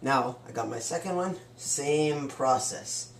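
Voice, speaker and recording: A man's voice: medium pitch, takes it slowly, long pauses. Boastful young man in an echoey kitchen. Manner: playful, boastful, chatty. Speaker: home cook hosting a joke cooking show. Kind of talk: comic cooking demonstration. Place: home kitchen. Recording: roomy kitchen with clattering dishes. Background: faint clatter of cutlery and pans.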